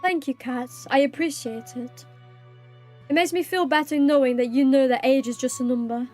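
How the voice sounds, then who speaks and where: With faint music behind her, a young British woman hosts a live stream, chatting easily with viewers and reading their comments aloud. She sounds high-pitched and a little mellow, bubbly and giggly, and apologizes readily.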